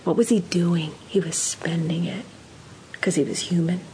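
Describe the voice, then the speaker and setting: Speaking at a moderate pace with a steady tone, this woman has a fairly low voice, and the low-quality recording carries a bit of hiss or hum. As a guest parenting counselor, she offers warm, earnest, emphatic advice, acting out sample dialogues.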